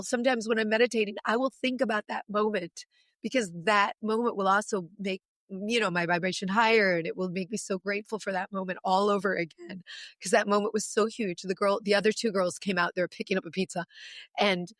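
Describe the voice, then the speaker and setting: A woman in her forties, a podcast guest, telling a long, emotional story in an animated, long-winded way. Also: medium pitch, brisk, no echo, studio quality.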